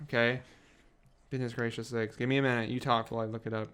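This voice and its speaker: A man's voice: medium pitch, little pitch movement, quick pace, a bit bright, smooth. A young man co-hosting a casual podcast in a basement, joking around and slipping into silly accents. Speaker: podcast co-host. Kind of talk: casual chat.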